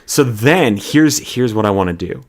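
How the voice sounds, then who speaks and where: A man's voice: fairly low pitch, expressive, moderate pace. A man co-hosting a podcast, casually brainstorming a story with lots of "like" fillers. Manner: rambling, full of "like" fillers. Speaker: podcast co-host.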